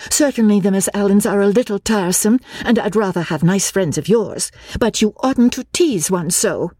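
A woman's voice: medium pitch, normal speed, warm tone, no echo, studio quality, voice pushed up, lightly acted. A woman voicing a nervous, earnest young woman in an audiobook.

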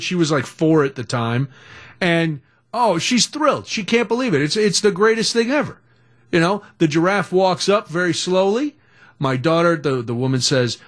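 A middle-aged man hosting a radio talk show, telling a story in a chatty, animated way. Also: fairly high pitch. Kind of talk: casual storytelling.

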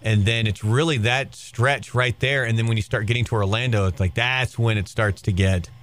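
A man's voice: fairly low pitch, steady tone, moderate pace, fairly bright tone. A man co-hosting a casual talk show, rambling along with a lot of fillers and restarts. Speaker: co-host. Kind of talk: casual chat.

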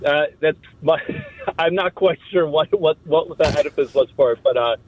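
A man calling into a radio show and telling an anecdote in a relaxed, amused way. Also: a little high, normal speed, a little hiss or hum. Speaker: caller. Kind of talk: phone-in call. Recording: tinny phone line.

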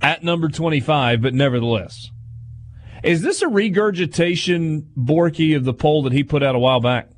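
A man's voice: on the high side, expressive, moderate pace. A man hosting a sports talk radio show, reading sponsor copy and running down poll rankings while teasing his co-hosts.

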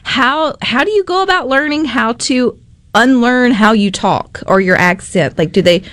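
A woman's voice: fairly high pitch, animated, normal speed, no echo. A woman from Mississippi with a Southern accent, hosting a talk show and asking rambling, chatty interview questions. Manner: warm-hearted, rambling questions with fillers.

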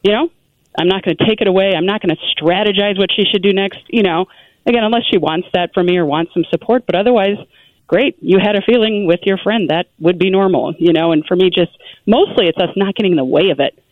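A woman guest giving parenting advice in an earnest, animated conversational way, full of "you know" asides. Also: mid-range voice, fast, no room sound. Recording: tinny phone-like line.

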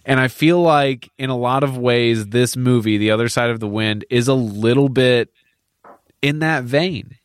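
A man's voice: mid-range voice, measured pace, clear, resonant tone, no room sound, studio quality. A man co-hosting a podcast, talking casually about a film, candid and profane, with many fillers and restarts. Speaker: podcast co-host.

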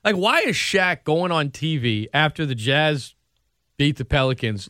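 A man hosting sports talk radio in casual chat, animated and laughing often. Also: fairly high pitch, a little slow, clear, resonant tone, no room sound, studio quality.

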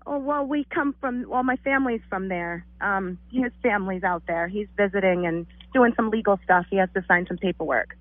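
A woman's voice: mid-range voice, a little fast, hardly any pauses, no room sound. A woman calling into a radio show, chatting in a friendly, giggly, slightly hesitant way. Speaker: caller. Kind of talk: casual phone chat. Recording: tinny phone line.

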